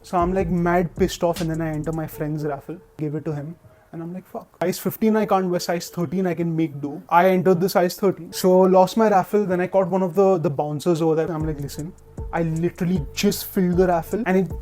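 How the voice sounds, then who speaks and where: A young man tells a story in a casual way. He is animated, acts out what others said, and fills his talk with "like". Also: high voice, fairly quick, faint music behind. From India. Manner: animated, acts out quotes, many filler "like"s. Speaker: sneaker collector.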